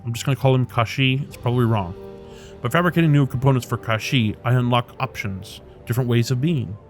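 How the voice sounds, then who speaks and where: A man voicing a cultured, pleasant engineer in a video game, speaking politely in an unhurried, measured way. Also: mid-range voice, faint music behind, close to an everyday voice. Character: cultured, pleasant middle-aged man, calm drone engineer.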